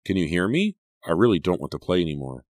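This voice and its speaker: A man's voice: low-pitched, sing-song, fast talker, darkish tone, no echo. A man voicing an anxious teenage girl babysitter in an audiobook, calling out in a pleading, jumpy way. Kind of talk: audiobook character voice.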